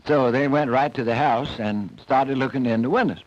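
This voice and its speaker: Folksy male storyteller with a homespun drawl, mid pitch; dull old film audio, faint music. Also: moderate pace. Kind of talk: folk tale storytelling.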